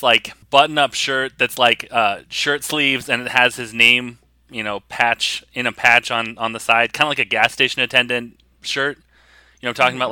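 Bright-voiced game master narrating casually. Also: male voice, medium pitch, smooth, dry recording. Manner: rambling, casual, with laughs.

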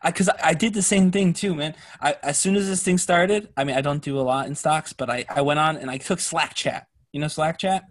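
A man co-hosting a podcast in casual chat, emphatic and quick to laugh. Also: fairly high pitch. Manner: emphatic, laughs often, incredulous. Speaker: podcast co-host.

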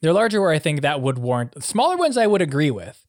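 A man's voice: a little high, sing-song, fast, no room sound, studio quality. A young man co-hosting a podcast, chatting casually and often stumbling over and repeating his words. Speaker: podcast co-host. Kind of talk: casual chat.

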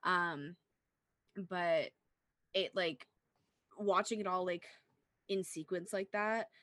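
A woman's voice: fairly low pitch, slow, dry recording, studio quality. A young woman talking casually about films with friends, chatty and full of fillers, often breaking into laughter. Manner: chatty, lots of "like", excitable laughter.

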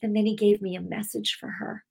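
A woman's voice: mid-range voice, flat delivery, a little fast, creaky, darkish tone, breathy edge. Middle-aged woman preaching on her weekly broadcast, emotional and rambly, lots of restarts. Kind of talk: heartfelt sermon with personal testimony.

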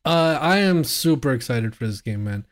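A man's voice: medium pitch, lively intonation, moderate pace. A man co-hosting a video game podcast, chatting casually and enthusiastically with lots of fillers. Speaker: podcast co-host. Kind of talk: casual chat.

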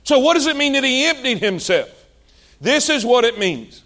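High-pitched preacher calling out. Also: male voice, big pitch swings, normal speed. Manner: call-and-response preaching, building to shouts; drawling folksy asides. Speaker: pastor. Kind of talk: sermon.

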